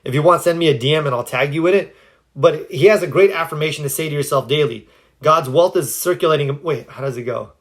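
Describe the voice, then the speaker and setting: A man coaching viewers through a live phone stream, earnest and encouraging as he takes their questions one by one. His voice sits a touch high and sounds slightly cracked. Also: fast. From United States. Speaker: self-help coach. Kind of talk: livestream advice talk. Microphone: phone livestream.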